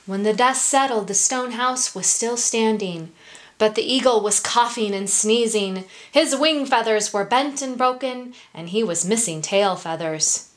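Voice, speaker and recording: A woman reading a picture book aloud to children, gentle, with hushed asides. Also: fairly high pitch, a little slow. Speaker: storyteller for children.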